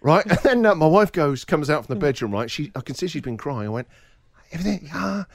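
A man hosting a radio show, telling a story in a lively way and laughing as he goes. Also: a little high, fast talker, dry recording, clean studio sound.

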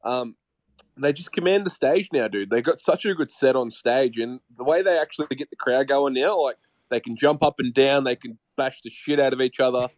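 A man co-hosting a podcast in casual chat, excitable and swearing, often calling his co-host by name. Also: medium pitch, moderate pace, no echo.

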